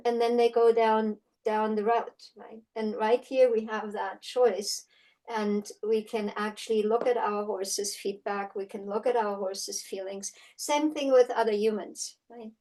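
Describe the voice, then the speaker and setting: A middle-aged woman teaching an online horsemanship course in a casual, storytelling way, often checking in with "right?" and acting out quotes in lively voices. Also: medium pitch. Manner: chatty storytelling, frequent "right?" tag questions; acts out quotes in animated voices. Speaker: horsemanship instructor.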